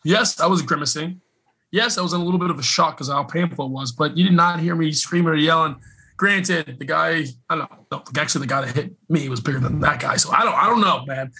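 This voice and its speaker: A man co-hosting a casual sports podcast, a former college football player who talks in an animated, emphatic, slangy way. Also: on the high side, quick pace, slightly rough, rough recording.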